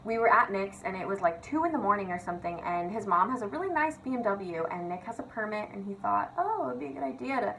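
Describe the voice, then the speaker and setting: Young woman, vlogger, casual storytelling, giggly, swears a lot, "like" everywhere, average pitch, faint background hiss. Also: expressive, quick pace, hardly any pauses, fairly bright tone, low-quality recording. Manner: giggly, profane, filler-heavy with constant "like".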